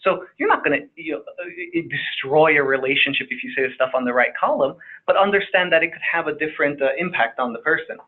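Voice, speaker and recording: A man with a slightly high voice speaks emphatically, repeating words as he makes his points. The sound is thin and phone-like. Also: quick pace, hardly any pauses. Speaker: psychiatrist guest. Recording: phone-quality audio.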